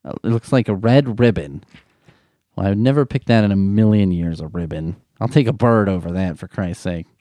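A man's voice: on the low side, brisk, warm tone, no room sound. A man riffing comedically in a rambling, sarcastic way, swearing often.

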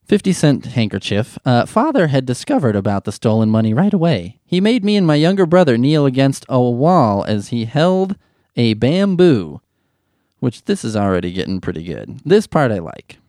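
A man's voice: medium pitch, moderate pace, few pauses, dry recording, studio quality. Sarcastic man reading a story aloud. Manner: sarcastic, deadpan asides. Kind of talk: mocking commentary over a read-aloud story.

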